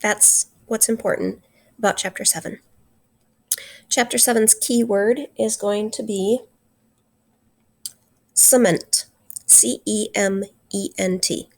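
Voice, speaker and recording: Earnest gravelly-voiced woman teacher. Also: mid-range voice, fairly even intonation. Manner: earnest, slows down for emphasis. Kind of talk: recorded literature lesson.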